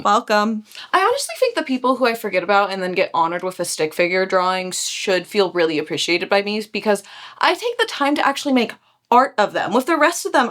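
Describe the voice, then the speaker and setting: A book vlogger chats casually at home one evening while reading a mystery novel aloud, chatty and poking fun at herself. Her voice has a fairly high pitch and a fairly bright tone.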